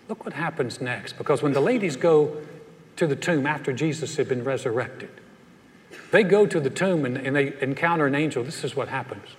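A man from North Carolina preaching a sermon, telling stories in a folksy way and acting out the voices of the people in them. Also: mid-range voice. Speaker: pastor. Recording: long reverb of a large hall.

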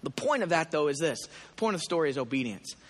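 A man preaching a sermon in a church, telling a story with animated asides and acted prayers. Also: fairly high pitch, fast talker. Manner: animated storytelling, voicing his own prayers. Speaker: pastor. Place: church hall. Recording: long hall reverb.

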